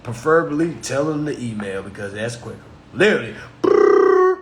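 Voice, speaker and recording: A man's voice: medium pitch, expressive, fairly quick, roomy sound, very noisy. A man in his thirties giving blunt, mocking talk on contracts, slipping into voices for imagined phone calls. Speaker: consumer finance commentator. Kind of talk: animated solo commentary.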